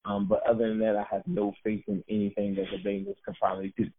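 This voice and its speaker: Low-voiced man on a tinny line. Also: level tone, quick pace. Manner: chatty, laughs at himself. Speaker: podcast co-host. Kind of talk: casual sports talk. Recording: narrow phone-like sound.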